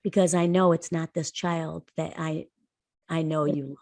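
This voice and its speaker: A middle-aged woman with a slightly low voice co-hosts a conversational podcast. She tells personal stories earnestly and leans hard on the key words. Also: fairly even intonation, normal speed, a little mellow. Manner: earnest storyteller, emphatic rises. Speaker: podcast co-host.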